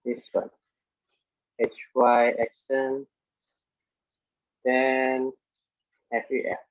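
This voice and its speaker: A man lecturing on engineering statics in halting speech full of fillers and restarts, working through a problem step by step. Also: mid-range voice, level tone, dry recording. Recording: muffled lo-fi audio.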